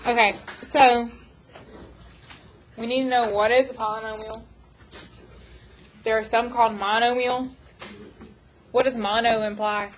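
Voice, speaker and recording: A woman math teacher lecturing her class, firing off quick questions to the students. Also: on the high side, flat delivery, slight background noise, poor audio.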